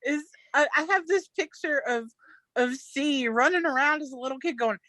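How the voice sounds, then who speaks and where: A woman's voice: sits high, moderate pace, bright, forceful tone, dry recording. A woman joining a casual podcast chat, teasing and playful.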